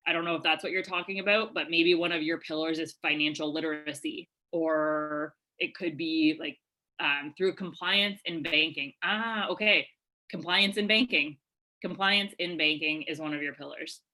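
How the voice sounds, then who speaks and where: A woman coaching attendees on a live video-call webinar, her voice bright and a touch low. She talks in an energetic, chatty way, full of fillers and quick asides. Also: rough recording. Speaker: webinar presenter answering questions. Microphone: webcam video call.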